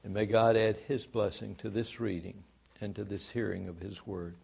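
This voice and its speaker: A male pastor reading scripture, praying and telling a story in a sermon, his phrase ends dropping quiet. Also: fairly low pitch, flat delivery, normal speed, gravelly, husky.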